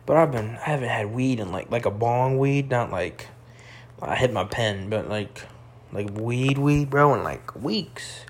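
A young man talking crudely in a rambling casual monologue, full of fillers and slang, tipsy and high. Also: a little slow.

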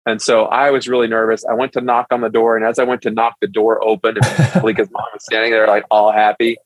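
Speaking fast in a lowish voice, the same kind of guest, a middle-aged pastor on a podcast, animatedly tells stories and plays out quoted lines in a relaxed interview. There's no echo, but the audio is poor.

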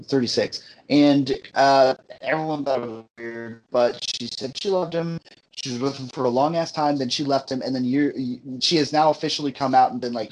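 A man rambling through a casual podcast chat, restarting his sentences and swearing freely. His voice sits at an ordinary middle pitch. He talks into a headphone mic that sometimes sounds muffled. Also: a little hiss or hum. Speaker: podcast co-host.

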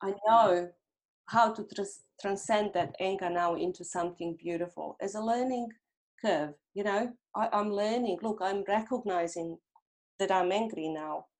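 A middle-aged woman guest, a hypnotherapist, talking gently and reflectively in an interview and acting out little inner dialogues. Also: mid-range voice, moderate pace. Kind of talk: conversational interview.

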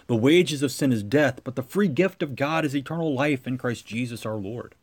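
A man preaching a sermon as pastor, with a measured cadence that swells into emphatic lines. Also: on the high side, darkish tone.

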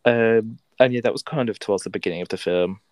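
A woman's voice: a bass voice, quick pace, a little mellow, no echo. Slangy young British woman podcaster. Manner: slangy, laughing, enthusiastic. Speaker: podcast co-host. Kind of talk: casual chat.

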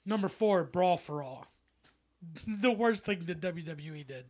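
A man co-hosting a podcast, excitable and profane in casual chat, laughing often. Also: high-pitched, slow pace. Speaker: podcast co-host.

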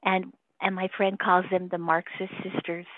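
A woman's voice: on the low side, level tone, moderate pace. Rambling woman on a tinny phone line. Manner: rambling, laughs often; emotional. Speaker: interview guest. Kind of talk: casual phone interview.

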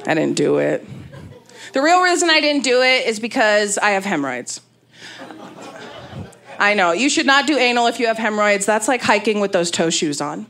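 Speaking at a normal speed with frequent pauses, a thirtysomething woman from Las Vegas with a mid-range voice works a comedy club stage, handheld mic in hand. Her stand-up is brash and candid, full of storytelling and big animated asides. Audience laughter, room ambience and a little hiss or hum fill the live recording.

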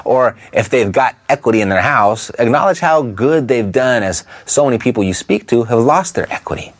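A man at a middle pitch coaches real estate investors, his voice rising and falling in a lively way. He talks straight to the listener, checking in with rhetorical questions as he lays out his tips. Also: moderate pace. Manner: briefly imitates a Texan twang. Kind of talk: instructional talk to camera.

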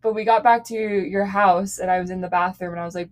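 A woman's voice: medium pitch, fast. A young woman co-hosting a casual chat, giggly and full of "like" fillers as she tells embarrassing stories. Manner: giggly, lots of "like" fillers, storytelling. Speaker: podcast co-host.

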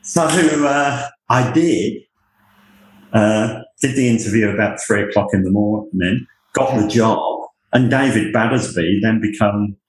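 A man from the United Kingdom, a university leader, telling lively anecdotes in conversation. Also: fairly low pitch, a little slow, reverberant, rough recording. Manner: animated anecdotes, acts out quoted voices. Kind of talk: storytelling in conversation.

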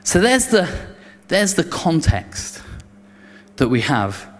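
A man preaches to a congregation, and his voice sits a little high for a man. He stumbles over restarts and slips into the voices of the crowd as he tells the story. A long reverb trails behind his words, as in a church hall. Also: wildly swooping pitch, takes it slowly. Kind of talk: sermon.

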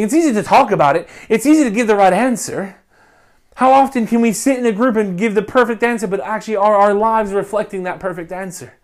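A man, a pastor preaching a passionate sermon that swings from quiet reflection to loud appeals. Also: high-pitched. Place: church recording during lockdown.

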